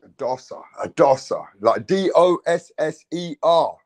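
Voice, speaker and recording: A man's voice: a little high, unhurried, dry recording. Swearing British man, dry close sound. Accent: British English. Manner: swears freely, animated, mimics other accents. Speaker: host. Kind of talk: casual chat.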